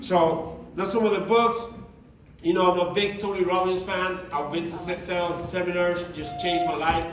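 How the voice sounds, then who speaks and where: Male workshop presenter with a high voice, emphatic and chatty, recorded from a distance in an echoey meeting room. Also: a little fast, background noise. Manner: conversational and emphatic, with many rhetorical questions. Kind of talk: motivational talk to a live group.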